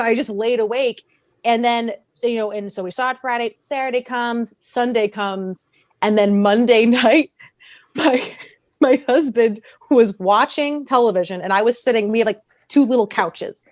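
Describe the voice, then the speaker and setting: A young woman chatting as a podcast guest, her voice a little high. She tells stories in a lively, expressive way and laughs often. The recording is dry and close. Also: moderate pace, no echo. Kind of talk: casual podcast chat.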